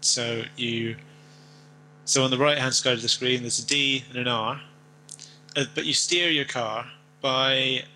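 Brief: male podcast co-host, very bright tone, loose rambling banter, faint noise behind. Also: medium pitch, fairly even intonation, measured pace, pauses often, poor audio. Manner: rambling, jokey, puts on silly accents. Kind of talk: casual chat.

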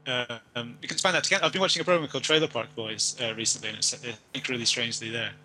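Brief: male podcast co-host, very bright tone, loose rambling banter, faint noise behind. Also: medium pitch, steady tone, very fast, low-quality recording. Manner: rambling, jokey, puts on silly accents. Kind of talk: casual chat.

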